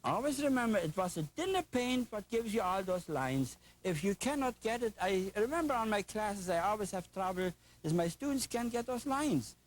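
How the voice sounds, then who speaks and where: A man's voice: high voice, lively intonation, normal speed, hardly any pauses, slight background noise, poor audio. An older man with a German accent, teaching a painting lesson in an enthusiastic, folksy, chatty way with playful asides. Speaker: painting instructor.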